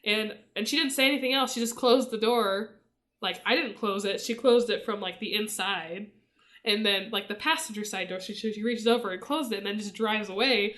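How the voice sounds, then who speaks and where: A young woman co-hosting a podcast, telling a story in a casual, animated way and laughing often. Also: medium pitch, normal speed. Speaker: podcast co-host.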